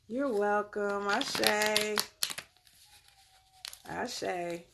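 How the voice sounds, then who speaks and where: A woman giving a casual tarot reading to her viewers, animated and slangy, cursing freely and laughing often. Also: medium pitch, very slow, creaky, very noisy. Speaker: tarot reader.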